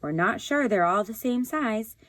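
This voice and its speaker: A woman's voice: fairly high pitch, animated, unhurried, fairly bright tone, no echo, pitched above the performer's own voice. A woman reading aloud, voicing a young male alligator who grumbles and gives blunt orders. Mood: excited.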